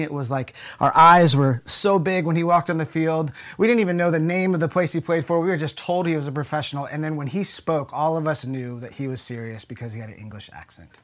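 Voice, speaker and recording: Earnest male pastor preaching. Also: a little high. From United States. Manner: earnest storytelling, softening to a hush at key moments. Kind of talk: sermon.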